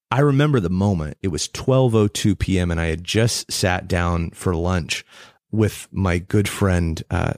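A man speaks as a guest, sharing a personal story with earnest intensity. His voice sits very low and has a gravelly, creaky texture. The recording is close and dry, with no room sound. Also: darkish tone, dry recording.

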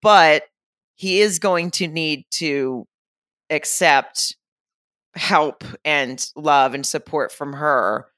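A woman's voice: deep voice, drawn-out words, a bit bright, no echo, clean studio sound. A woman co-hosting a podcast in casual chat, rambling and correcting herself as she talks. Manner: rambling, self-correcting, laughs easily. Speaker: podcast co-host.

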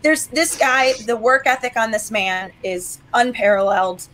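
A woman's voice: a little high, moderate pace, fairly bright tone, a little hiss or hum. A woman, a coach, talking animatedly and emotionally, with laughs and sarcasm. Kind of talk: post-match interview chat.

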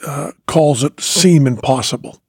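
A man's voice: mid-range voice, measured pace, slightly rough, no room sound, studio quality. A man hosting a podcast, telling stories in a reflective way with many fillers and restarts. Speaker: podcast host. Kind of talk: casual conversation.

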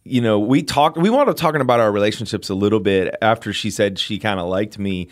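A man as an interview guest, chatting in an animated way and telling a personal story with lots of fillers. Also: on the low side, brisk. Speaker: guest telling how he met his wife. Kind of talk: casual storytelling.

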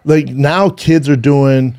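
A man in his forties co-hosting a casual podcast chat, telling a story in animated bursts and acting out the people in it with plenty of swearing. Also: medium pitch, slow. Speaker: podcast co-host.

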